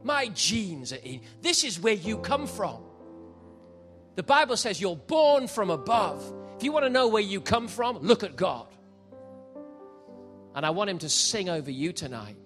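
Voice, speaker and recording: A man preaching a live sermon at a church service, building passionately and sometimes shouting. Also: sits high, very animated, measured pace. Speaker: pastor. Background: faint piano.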